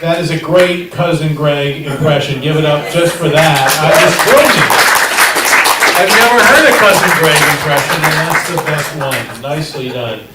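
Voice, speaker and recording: A man's voice: on the high side, normal speed, very noisy. A man who teaches comedy, emceeing a showcase and teasing the crowd with loose banter. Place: comedy theater stage. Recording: echoey theater, mic at distance.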